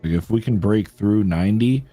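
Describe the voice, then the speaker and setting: A man's voice: on the low side, normal speed, mellow, breathy edge, faint music behind. A man co-hosting a live trading stream, explaining his trade targets and cracking jokes. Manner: joking, teasing. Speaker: trader co-host. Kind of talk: casual live-stream banter.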